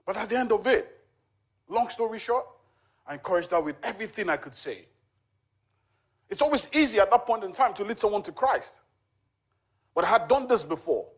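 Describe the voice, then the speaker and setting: Man, forties, church testimony, chatty storytelling, fairly high-pitched. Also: animated, normal speed, pauses often, breathy edge. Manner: conversational storytelling with frequent fillers. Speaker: charity volunteer giving a testimony.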